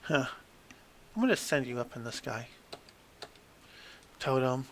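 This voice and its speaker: A man's voice: mid-range voice, expressive, a little slow, slight background noise. A man flipping through a tabletop game book, reading passages aloud with wry asides and stumbling over hard words.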